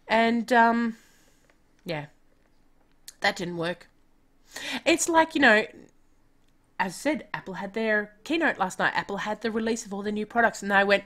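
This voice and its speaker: A woman's voice: medium pitch, expressive, normal speed, pauses often, a bit bright. A woman chatting casually on a live game stream, self-deprecating and talking to herself as she plays.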